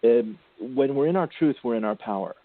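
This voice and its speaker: A man's voice: medium pitch, expressive, a little fast, dry recording. Tender man counseling over a tinny line. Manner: gentle, affectionate, calls listeners darling and sweetie. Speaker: spiritual intuitive radio host. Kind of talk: spiritual counseling on a call-in show. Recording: tinny phone-line sound, dry.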